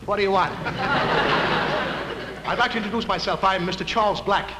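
An actor playing a boastful male talent scout who makes a salesy pitch. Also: a little fast, over a noisy crowd, close to an everyday voice. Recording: hissy echoey early TV kinescope.

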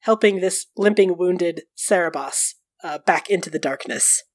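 A woman's voice: on the low side, unhurried. A woman running a tabletop role-playing game as game master, narrating expressively in a casual storytelling way.

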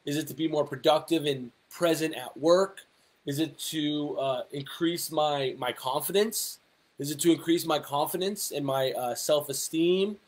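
A young adult man with a fairly high voice speaks at a measured pace. He's a fitness coach and personal trainer talking casually to camera, offering motivational advice packed with rhetorical questions and fillers.

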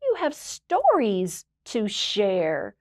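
A woman's voice: mid-range voice, wildly swooping pitch, very slow, no echo, clean studio sound, exaggerated voice. A woman voicing a small, kind mouse who comforts a friend in a children's storybook. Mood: soothing. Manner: soothing, gentle.

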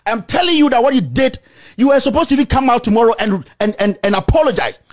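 A man with a Ghanaian accent delivering an angry, insulting rant to the camera, repeating himself and shouting. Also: extremely high pitch, lively intonation, fast. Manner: shouting, insulting, repetitive tirade. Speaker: political commentator.

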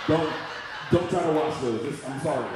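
A man in his forties doing a loud, profane stand-up comedy routine at a live venue. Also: fairly high pitch, normal speed. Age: 40s. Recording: echoey room, mic far off, audience noise.

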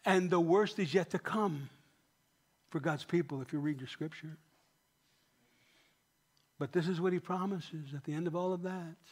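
A man's voice: fairly high pitch, a little mellow. A man, a pastor, preaching a sermon in a church, emphatic and often asking the congregation questions.

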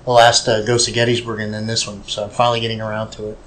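A man's voice: fairly low pitch, monotone, fairly bright tone, slight background noise, low-quality recording. Earnest man, a guest author. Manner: earnest, halting with restarts. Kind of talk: casual interview. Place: shop, indoors.

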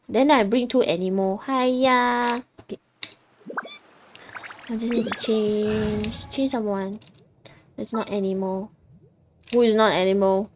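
A young woman streaming a game, chatting casually in a playful, giggly way with squeals and silly sound effects. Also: mid-range voice.

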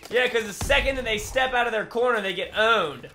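Excitable high-voiced young man gaming. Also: a little fast. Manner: excitable, trash-talking, frequent laughter. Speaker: gaming YouTuber. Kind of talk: live gameplay commentary.

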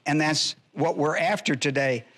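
High-voiced man teaching scripture. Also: normal speed, a bit bright. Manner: emphatic, repeats key phrases, spells out Greek words. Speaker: pastor. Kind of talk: expository Bible teaching.

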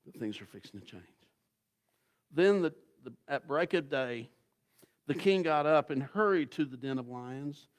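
A man preaching a sermon as guest pastor, telling the story in a folksy, dramatic way that swings from loud to hushed. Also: a little high, expressive, measured pace.

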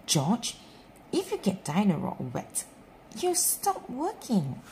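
A woman voicing a gentle mother pig who talks brightly and soothingly in a storybook reading. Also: medium pitch, huge pitch swings, slow, slight background noise, pitched above the performer's own voice, full character voice.

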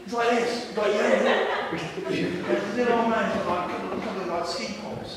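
A man's voice: sits high, quick pace, background noise. A middle-aged man giving a public talk, telling a story with jokes and acting out the people in it. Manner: animated, jokey, acts out the people in his stories. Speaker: guest speaker. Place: large school hall. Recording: echoey hall recorded from far off.

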